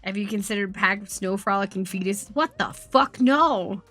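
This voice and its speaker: Bright, profane woman streamer. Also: medium pitch, moderate pace, soft background music. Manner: profane, rambling storytelling. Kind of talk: casual stream chat. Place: home streaming setup.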